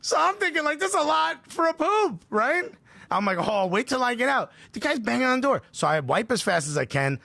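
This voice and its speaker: A man from Newark tells a comic story in a very high, bright voice. His telling is lively and full of acted-out voices and laughter, and his pitch swings widely. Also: dry recording. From Newark, New Jersey. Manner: animated, acts out voices, laughs often. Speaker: guest, comedian telling a story.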